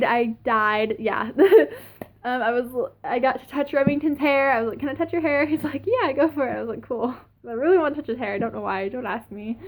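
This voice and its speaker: A young woman telling a story in a casual vlog, excited and gushing, with many fillers and laughs. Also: high voice. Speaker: fan.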